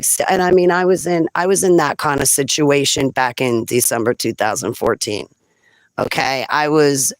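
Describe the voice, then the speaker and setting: A chatty woman talking straight to camera in a long, rambling personal monologue. She breaks into laughs between thoughts. The sound is dry and close, with no room echo. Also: a bass voice. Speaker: vlogger.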